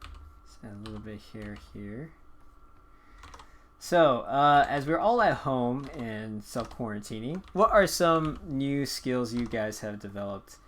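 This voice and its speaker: A man's voice: medium pitch, slow pace. Laid-back man chatting as he draws. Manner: relaxed, rambling, frequent filler words. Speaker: drawing livestream host. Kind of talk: casual chat while drawing.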